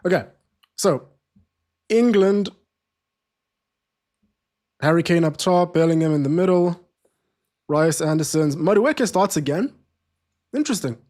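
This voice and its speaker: A man's voice: a little high, expressive, measured pace, pauses often, a little mellow. A man hosting a live football watchalong, chatting casually and self-deprecatingly with many fillers and restarts. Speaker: watchalong streamer. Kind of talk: casual live-stream chat.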